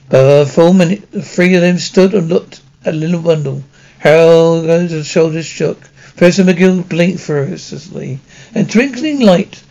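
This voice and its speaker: A man reading a children's novel aloud as an amateur audiobook, halting, with frequent slips and restarts. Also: a little high, vocal fry, darkish tone. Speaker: audiobook reader. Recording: dull lo-fi recording.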